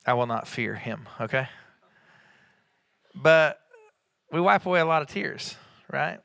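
A middle-aged man preaching a sermon as a pastor, conversational, with quick asides and rising emphatic peaks. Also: mid-range voice, animated, creaky, sharp tone, dry recording.

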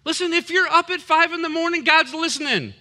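A man's voice: very high voice, level tone, quick pace, sharp tone. A man preaching a sermon as a pastor, emphatic and punchy, with humorous asides.

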